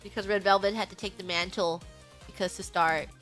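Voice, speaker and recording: A woman streamer in casual livestream chat, excitable and rambling, humming bits of songs between thoughts. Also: mid-range voice, a little fast, faint music behind. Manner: excitable, rambling, hums song snippets.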